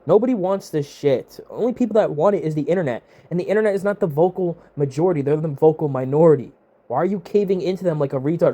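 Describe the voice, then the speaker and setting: A man's voice: on the high side, quick pace, mellow. A young man ranting with heated, profane exasperation as the host of a wrestling review. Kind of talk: ranting commentary.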